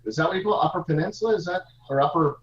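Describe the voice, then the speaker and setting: A man's voice: on the high side, rapid-fire, roomy sound, highs cut off. A man chatting as a co-host, joking and restarting his sentences. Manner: jokey, stumbling restarts. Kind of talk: casual chat.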